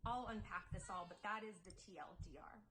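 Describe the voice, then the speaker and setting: A woman's voice: medium pitch, steady tone, a little fast, fairly bright tone, poor audio. A young woman YouTuber telling an upsetting story to her viewers in a confessional vlog, rambling and defensive, full of "like" and restarts.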